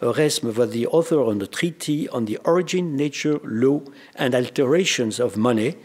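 Husky older man with a French accent. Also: medium pitch, darkish tone. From France. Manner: measured, formal, with dry anecdotes and frequent "uh" hesitations. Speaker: speaker at a memorial colloquium. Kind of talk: formal commemorative speech.

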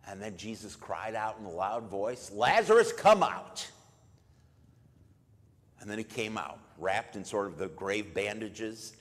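A man preaching at a memorial service, retelling a story in a conversational way and jumping much louder for quoted lines. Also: lowish voice, fairly even intonation, normal speed, hardly any pauses. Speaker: pastor. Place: church. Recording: long church reverb.

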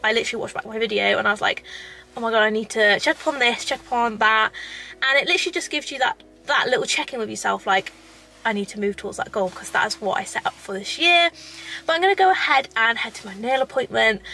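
A young woman talking casually to camera for a day-in-the-life vlog, gushing and excitable, full of "like" and "oh my God". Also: on the high side, gravelly, slight background noise. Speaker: lifestyle vlogger.

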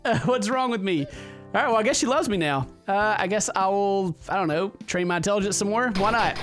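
A gaming YouTuber with a high-sitting voice rambles through let's-play commentary at a moderate pace, with music behind him. He laughs often and hams up mock-romantic lines to a game character.

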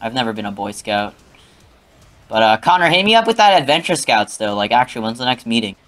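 A man's voice: mid-range voice, sing-song, fairly quick, a bit bright. A young man telling a rambling, profane story in casual talk, often adding "okay?".

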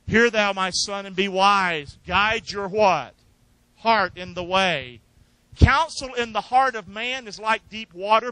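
A man's voice: high-pitched, bright, forceful tone, no room sound, poor audio. A man preaching a sermon as pastor, leaving verses open for the congregation to finish and joking between points. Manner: jokes and laughs between points.

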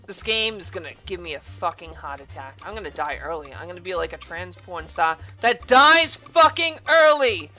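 A woman giving angry gameplay commentary, cursing and yelling in exasperation. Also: medium pitch, sing-song, moderate pace, soft background music. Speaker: gaming video creator.

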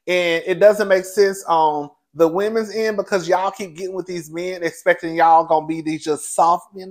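A man with a fairly high voice, a show reviewer and host, delivers a loose, gossipy recap of reality TV, as if talking directly to his regular viewers. He's sassy and animated, swooping his pitch around and laughing as he calls everyone "girl." His pace is a little slow, with few pauses.

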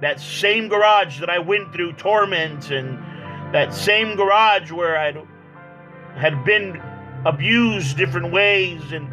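A man, an evangelist, telling his personal testimony in a halting way, often repeating words. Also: sits high, bright, forceful tone, faint music behind, rough recording. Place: small church.

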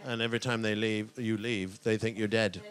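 A middle-aged man doing stand-up comedy on stage, rambling and self-mocking, now and then bursting into shouted voices. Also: on the low side, level tone, normal speed. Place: comedy stage before a laughing audience.

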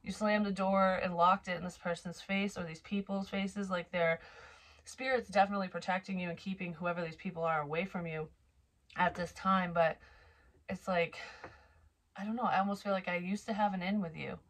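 A woman's voice: fairly low pitch, steady tone, moderate pace. A young adult woman giving a psychic reading in a loose, rambling and profane way, with an occasional cough. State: occasional cough, slightly wheezy. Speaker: psychic reader. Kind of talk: tarot reading monologue.

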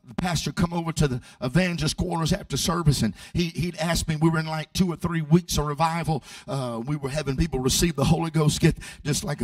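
Brief: male evangelist, high voice, stammering restarts, sung shouting peaks, distant dry mic. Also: no room sound. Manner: swings from quiet storytelling to loud sung shouting; repeats words and restarts often. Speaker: evangelist preacher. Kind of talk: sermon with storytelling.

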